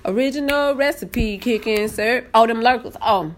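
A woman chatting casually on a live stream, greeting viewers by name and getting excited easily. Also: a little high, normal speed, few pauses. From Southern United States. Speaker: planner live-stream host.

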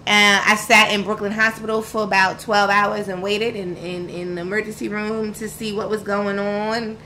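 As a podcast guest, a woman tells her own story in a frank, emphatic, slangy way, vividly retelling events with quoted dialogue. Her mid-range voice is bright and forceful with a level tone at normal speed, and the rough recording has slight background noise.

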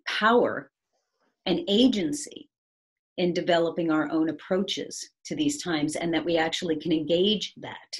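A woman giving a conversational talk on resilience over a video call, reflective and often checking in with the listener. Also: fairly low pitch. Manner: reflective, frequently checking in with "right?". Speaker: speaker on resilience and change.

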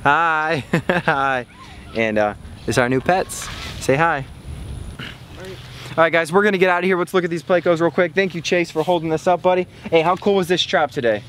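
A young man vlogging outdoors by a pond, excited and hyped, talking to his pet fish and his viewers. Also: on the high side, fairly quick, a little hiss or hum. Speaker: fishing vlogger. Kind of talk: casual outdoor vlog talk.

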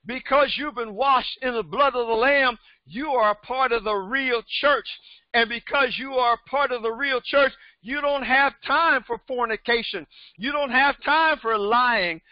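A man in his seventies, a pastor preaching a sermon with emphatic repetition that rises to shouts. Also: very high-pitched, unhurried, no room sound. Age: 70s. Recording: dull, dry recording.

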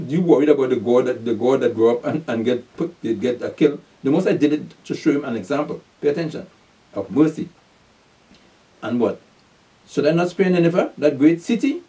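A man preaching a sermon, reading scripture verses aloud and explaining them, breaking in often to tell listeners to pay attention and rising sharply in pitch and volume to stress points. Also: dark tone. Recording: voice from a distance from the mic.

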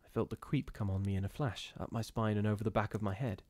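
A man reading a gothic ghost story aloud in a measured, steady storytelling manner with occasional brief restarts. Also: on the low side, no room sound, clean studio sound. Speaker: reader of ghost stories.

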